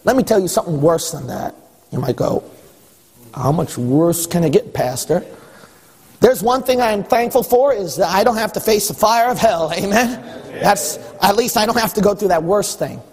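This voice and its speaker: A male pastor preaches with rising emphasis and teasing asides to the congregation. His voice is high and husky. It carries long hall reverb. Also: animated, normal speed. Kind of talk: sermon.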